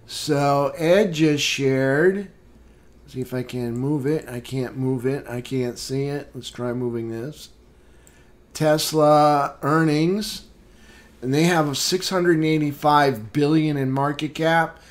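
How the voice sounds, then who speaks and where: A man hosting a live trading room, calmly talking through market charts with casual fillers. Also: a little high. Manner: unhurried, plain chart commentary with fillers. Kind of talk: live market recap walkthrough.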